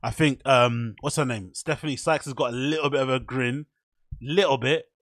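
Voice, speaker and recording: A man's voice: mid-range voice, normal speed, a bit bright, no echo. Man, British accent, podcast host, casual chat, joking asides, dry close sound. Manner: joking, self-mocking, sarcastic asides. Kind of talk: casual solo podcast commentary.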